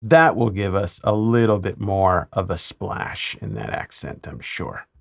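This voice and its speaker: A man, a mix engineer, talking through a mixing tutorial in a relaxed way with playful asides. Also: low-pitched, measured pace, gravelly.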